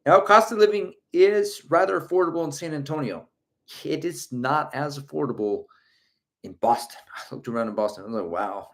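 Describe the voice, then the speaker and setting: A man's voice: on the high side, brisk, fairly bright tone. A middle-aged man hosting a running livestream, reading viewer comments aloud in a chatty, joking way and laughing often. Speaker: running channel host.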